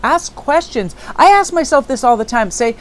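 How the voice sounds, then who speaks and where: A woman's voice: high-pitched, expressive, moderate pace, rough recording. A woman hosting a tarot channel, talking in a chatty, upbeat and spiritual way. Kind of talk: casual reflective monologue.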